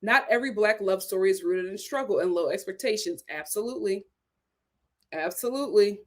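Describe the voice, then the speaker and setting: A woman hosting a live stream, reading viewer comments aloud and reacting to them in casual, animated chat. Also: mid-range voice, a little fast.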